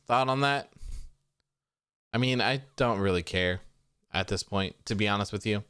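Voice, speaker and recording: A man hosts a livestream in relaxed, casual chat. His voice is smooth and clear at a middle pitch, and the sound is dry and close. He reads out viewer comments and reacts offhandedly, swearing freely. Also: moderate pace, long pauses, dry recording. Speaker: wrestling stream host.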